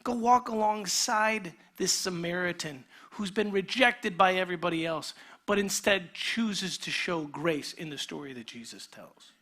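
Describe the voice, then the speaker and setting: A man, a pastor, preaching a sermon in a conversational way, sometimes dropping to a near whisper and sometimes building to an animated retelling. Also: sits high, unhurried. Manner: shifts between quiet intimate passages and energetic animated retelling; conversational, with restarts and filler words.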